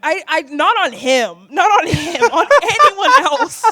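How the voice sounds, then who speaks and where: A man's voice: extremely high pitch, measured pace. A man chatting as a podcast guest, laughing often and relishing film quotes. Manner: giggly, animated, quotes film lines with relish. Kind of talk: casual chat.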